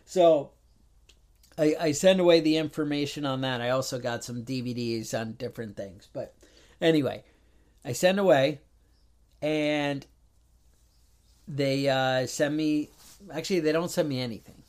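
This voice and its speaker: A man's voice: mid-range voice, unhurried, pauses often, darkish tone. A man co-hosting a podcast in casual chat, telling a long story with exasperated asides and acted-out phone calls. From New York. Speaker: podcast co-host.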